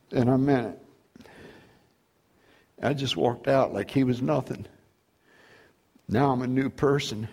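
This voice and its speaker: A man's voice: mid-range voice, a little mellow. A middle-aged man preaching a testimony sermon, telling his story with acted-out dialogue and frequent laughs.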